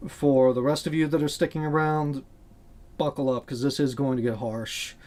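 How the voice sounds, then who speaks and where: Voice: mid-range voice, fairly even intonation, normal speed, a little mellow. A channel host giving candid, earnest commentary on a video game, blunt and swearing casually.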